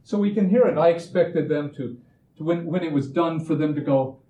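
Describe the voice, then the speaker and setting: A man talking through everyday examples in a casual motivational talk, slipping into little impressions of what people say. His voice is mellow and a touch higher than most, and the room around him echoes with a faint rumble underneath. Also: normal speed, dull audio. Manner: animated storyteller, acts out quoted voices, often restarts phrases. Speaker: speaker giving a talk on expectations.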